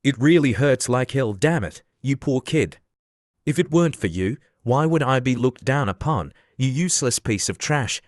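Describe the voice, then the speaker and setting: A man voicing an arrogant rich young male bully who boasts and insults in a flat, even reading. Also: mid-range voice, normal speed, dry recording, clean studio sound, natural voice. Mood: angry.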